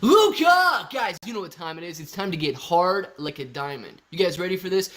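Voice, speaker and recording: Man, live-stream host, slightly high voice, excitable, slangy, loud bursts. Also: a little fast. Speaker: livestream host reading viewer super chats. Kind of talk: casual live-stream chat.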